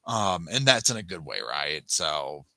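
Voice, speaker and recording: A man with a lowish voice and a very bright, forceful edge hosts a casual live chat. He rambles and cuts himself off mid-sentence, and he thanks viewers by name as he goes. The sound is dry and close, with no room echo. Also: big pitch swings, unhurried. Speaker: livestream host.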